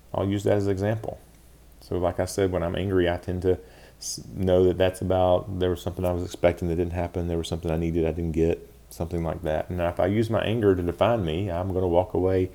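Deep gravelly-voiced man hosting a podcast. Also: warm tone. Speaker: podcast host. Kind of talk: casual solo podcast talk.

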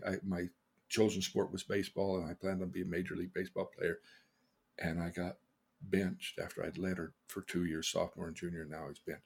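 An older man, a podcast host, earnestly telling personal stories, his voice swinging between loud and hushed. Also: low-pitched, gravelly, slightly rough. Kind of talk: personal storytelling.

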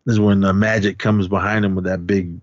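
A man's voice: sits low, flat delivery, a little fast, no echo. A man co-hosting a podcast, recapping a movie's plot in casual chat, rambling with many fillers and restarts. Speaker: podcast co-host. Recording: dull lo-fi sound.

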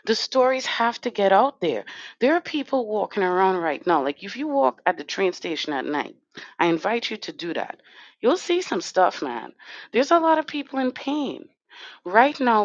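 A woman's voice: mid-range voice, no room sound, highs cut off. A woman delivering an impassioned, confrontational podcast monologue as an organizer. She is blunt, swears freely and speaks straight to her listeners. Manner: talks straight to the chat audience. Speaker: podcast co-host and community organizer.

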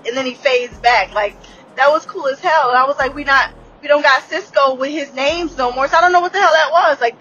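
A woman's voice: sits high, a bit bright, muffled recording. A woman in her late thirties recapping a TV episode in a casual, candid way, swearing freely, laughing often and restarting her sentences. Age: late 30s. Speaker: TV episode reviewer.

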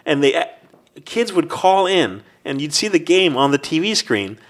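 A man's voice: on the high side, very animated. A man from New York City hosting a casual podcast chat and reading listener mail aloud. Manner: talks fast, reads listener letters aloud. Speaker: podcast host.

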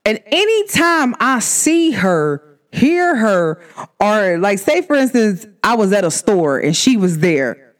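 A woman talking straight to her listeners in a loose, chatty monologue. She is emphatic and animated, and her voice jumps up high when she gets excited. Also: takes it slowly. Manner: chatty and emphatic, many "like" fillers. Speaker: podcast host.

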